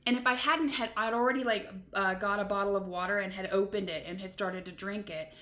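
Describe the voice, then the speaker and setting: A woman vlogger rambles through a story to her camera, filling it with "like" and "you know" and laughing between her frustrations. Her voice is bright and sharp-edged, at a middle pitch. The room around her is echoey and hard-walled, as in a motel room. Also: steady tone, fairly quick. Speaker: van life vlogger. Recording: roomy echo.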